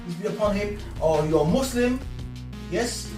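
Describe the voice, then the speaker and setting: A man's voice: sits high, lively intonation, measured pace. A man speaking as a guest in a religious discussion, earnest and emphatic like a preacher. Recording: echoey room, far from mic, music behind.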